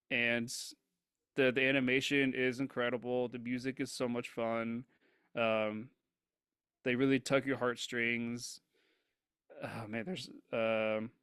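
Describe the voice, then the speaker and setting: A man's voice: mid-range voice, fairly bright tone, clean tone, no room sound, studio quality. A man co-hosting a movie review podcast, giving his earnest opinion with frequent hesitations. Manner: earnest, hesitant, lots of ums and likes. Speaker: podcast co-host. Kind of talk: casual movie review chat.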